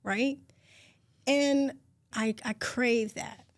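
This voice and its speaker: A woman in her forties co-hosting a podcast, talking in a heartfelt, open, expressive way. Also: a little high, very slow, dry recording, studio quality. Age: 40s. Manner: heartfelt and expressive, talks openly and at length. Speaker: podcast co-host. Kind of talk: casual podcast chat.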